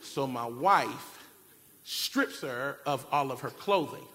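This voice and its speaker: A man preaching a sermon, telling a family story in an animated way and acting out shouted cries. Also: medium pitch, slow. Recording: long reverb of a large hall. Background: keyboard music.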